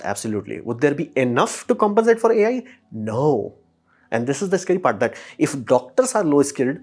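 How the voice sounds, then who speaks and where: A man's voice: on the high side, darkish tone. A man hosting a casual opinion monologue, talking emphatically, swearing lightly and firing off rhetorical questions. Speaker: host.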